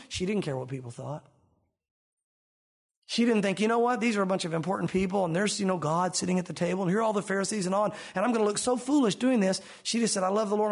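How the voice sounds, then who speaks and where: A middle-aged man preaching a sermon in an earnest, emphatic way, lifting his voice when he quotes scripture. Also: high-pitched. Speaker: pastor.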